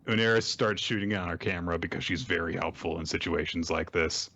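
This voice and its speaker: A man recapping manga chapters on a podcast, animated and casual, slipping into silly voices for quotes. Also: low-pitched, a little fast, highs cut off.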